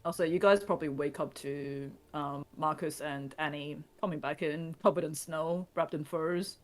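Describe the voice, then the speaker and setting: A man's voice: fairly high pitch, fairly even intonation, moderate pace. A man narrating a tabletop game as game master, hesitant with many fillers.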